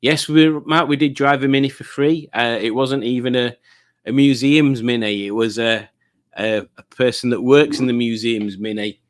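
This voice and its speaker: A middle-aged man hosting a relaxed livestream. He rambles cheerfully from one viewer comment to the next, with an easygoing, chatty delivery and an ordinary mid-range voice. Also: mid-range voice, moderate pace. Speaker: livestream host. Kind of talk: casual livestream chat reading comments.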